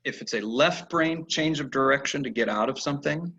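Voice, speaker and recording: A man teaching a horse training lesson over a video call, telling animated stories and acting out the horses' replies. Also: medium pitch, brisk, a little hiss or hum. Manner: animated storyteller who acts out horses' replies. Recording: dull lo-fi video call audio.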